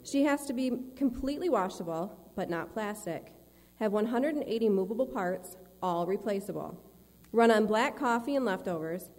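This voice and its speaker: A woman's voice: medium pitch, lively intonation, normal speed, a little mellow, lightly acted. Tireless male creator, as a woman reads him in her own voice for church storytelling, with long hall reverb. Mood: earnest. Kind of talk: read-aloud church storytelling.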